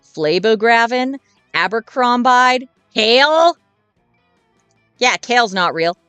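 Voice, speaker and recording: A woman's voice: on the high side, lively intonation, slow pace, fairly bright tone, clear, resonant tone, no room sound, soft background music. A woman voicing a dim, sweet jock monster boy who talks in an earnest, rambling, bro-ish way, in a dry recording. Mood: goofy.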